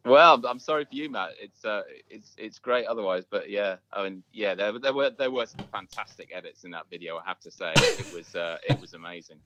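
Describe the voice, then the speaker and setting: A man's voice: lowish voice, lively intonation, a little fast, hardly any pauses, fairly bright tone, slight background noise. A man, a preacher, chatting hesitantly over a phone call, repeating words as he goes. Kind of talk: casual chat.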